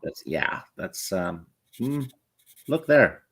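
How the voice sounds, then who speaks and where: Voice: low voice, very animated, slow pace, a little hiss or hum. A co-host in a casual chat, chiming in with short remarks and fan trivia. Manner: brief interjections, fan trivia.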